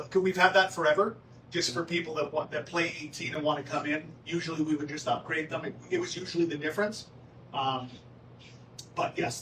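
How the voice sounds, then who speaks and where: A man talks through a town hall meeting in a casual, joking way and keeps checking in with "right?". His voice sits a little high. He is picked up from a distance in an echoey room with faint background noise. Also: fairly bright tone. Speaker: golf course manager presenting at a town hall. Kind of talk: town hall presentation with questions.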